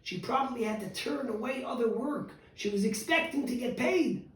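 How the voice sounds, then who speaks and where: A man voicing a poor, holy old sage, gently firm, speaking quietly and earnestly in a sermon story. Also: very high voice, moderate pace, echoey room, distant mic. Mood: insistent.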